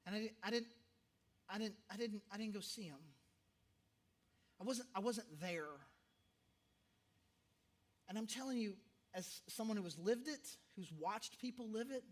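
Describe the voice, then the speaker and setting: A man's voice: sits high, a bit bright. Conversational man preaching a sermon. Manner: conversational, self-interrupting, emphatic repetitions. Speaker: pastor.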